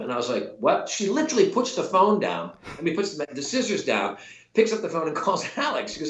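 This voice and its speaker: A man's voice: on the high side, wildly swooping pitch, fairly quick. A middle-aged man, an actor guest, telling a long story in casual chat with many restarts and quoted voices. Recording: roomy echo.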